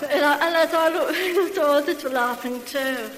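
A woman's voice: high-pitched, moderate pace, a bit bright. A woman giving a church testimony, effusive and full of hallelujahs. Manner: effusive, bubbling with hallelujahs and laughter. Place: large hall. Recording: echoey hall with faint hiss.

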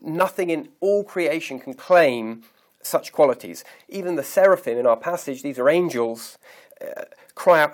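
Man giving a measured, emphatic sermon. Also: medium pitch. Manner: measured, emphatic reading of scripture; slow, deliberate pauses on key words. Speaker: preacher.

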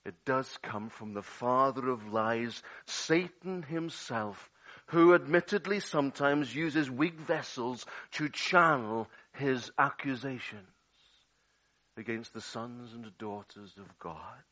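Slow, dramatic male preacher. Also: medium pitch. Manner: dramatic swings between loud and hushed. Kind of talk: sermon. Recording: dull lo-fi audio.

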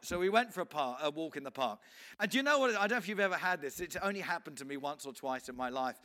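Bright-voiced evangelist telling a story. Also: male voice, on the high side, quick pace. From England. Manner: animated storytelling, acts out scenes, frequent restarts. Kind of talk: storytelling sermon.

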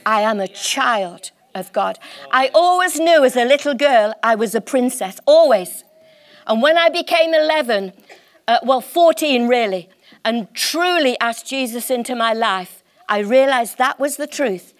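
Impassioned high-voiced woman preacher. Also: animated. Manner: impassioned, emphatic, slows on key words. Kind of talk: sermon.

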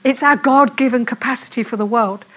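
A woman preaching a fervent sermon in church, speaking quickly and repeating her calls to prayer. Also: high-pitched, sharp tone, slight background noise.

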